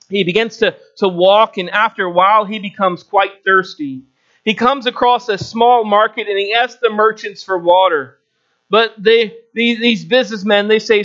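High-voiced male preacher, lo-fi. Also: fairly bright tone. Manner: storytelling with shifting pitch and pauses. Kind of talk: sermon. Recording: dull lo-fi recording.

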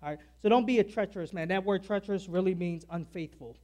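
A man's voice: sits high, quick pace. A man preaching a sermon to a church in a chatty way, checking in with "all right?" after nearly every point. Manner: conversational, repeats "all right?" often; loud and soft in turns, stressing key words.

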